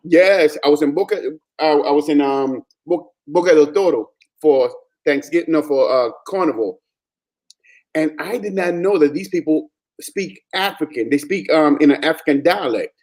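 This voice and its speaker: A man from Panama telling travel stories in a casual chat, animated and full of quoted dialogue. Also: fairly high pitch, moderate pace.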